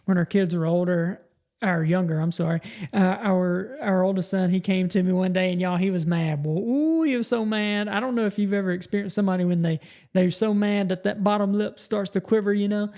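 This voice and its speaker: A man's voice: sits high, steady tone, fairly quick, a little mellow. A middle-aged man, hosting a podcast and giving a folksy motivational talk, often restarting his words. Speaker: podcast host.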